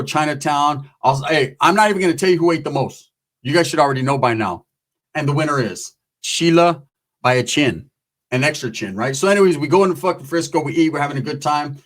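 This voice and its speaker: A man's voice: a little high, fast talker. A man telling a comic story in a profane, rambling, slang-heavy way. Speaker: comedic storyteller. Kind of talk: casual comedic storytelling.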